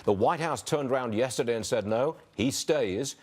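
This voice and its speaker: A man hosting a live business news broadcast, running through market moves in a quick, chatty way. His voice sits at an ordinary middle pitch, and he drops in asides between the figures. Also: a little mellow, slightly rough. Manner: brisk, conversational, quips between figures.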